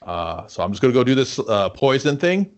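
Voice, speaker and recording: A man's voice: medium pitch, sing-song, brisk, lo-fi sound, natural voice. A man voicing a sad, dim green ghost begging to get out of hell, rambling and hesitant with lots of "uh.". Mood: pleading. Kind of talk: comedic podcast bit.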